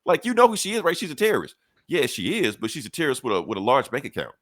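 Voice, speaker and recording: A podcast co-host recaps a comic book at a rapid-fire clip, acting out each character's lines as his pitch swings widely. His storytelling is animated, laid-back and slangy, with lots of profanity. The recording is dry and close, without any room echo.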